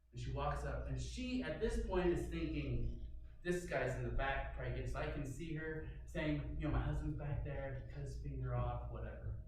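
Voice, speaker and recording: A man's voice: mid-range voice, distant mic, background noise. Man telling a story, echoey room. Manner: animated, loud bursts and quiet asides. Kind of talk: stand-up storytelling.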